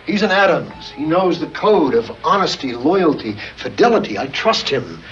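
An actor playing the passionate, theatrical husband of a ghoulish family in a 1970s TV comedy, talking in a florid, ardent way. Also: male voice, on the high side, very animated, moderate pace. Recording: dull TV soundtrack with music.

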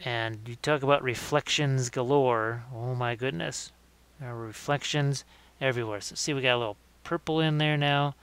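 Walking viewers through a miniature painting session on a live stream, a man thinks aloud in a relaxed manner, frequently restarting and reworking what he says. He has a smooth, resonant voice in an ordinary middle pitch and keeps a moderate pace.

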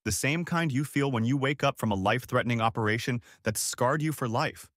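A man narrating a first-person dramatic audiobook story in a measured, expressive way. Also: medium pitch, no room sound, studio quality.

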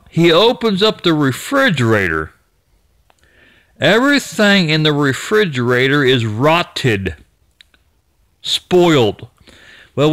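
A man's voice: a little high, fairly bright tone, no echo. A man casually retelling what another person found in an abandoned store, rambling with restarts and mild cursing. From United States. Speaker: YouTube storyteller.

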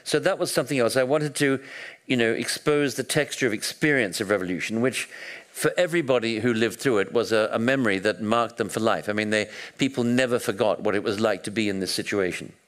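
A man's voice: fairly low pitch, brisk, fairly bright tone. A man giving a public history lecture, telling stories with frequent restarts and hesitations.

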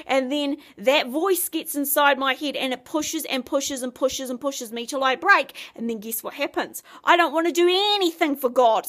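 High-voiced woman giving a devotional talk. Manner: earnest, conversational, animated. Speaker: Christian speaker.

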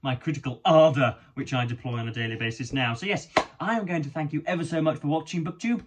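A man's voice: fairly high pitch, fast. A young man reviewing a book to camera, stammering and repeating words often, with wry and ornate wording. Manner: hesitant, stammering with many repeated words and ums.

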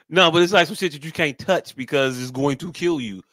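Male podcast co-host, high-pitched, animated and profane, dry close mic. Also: no room sound. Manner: animated, profane, mocking put-on voices. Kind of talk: casual podcast chat.

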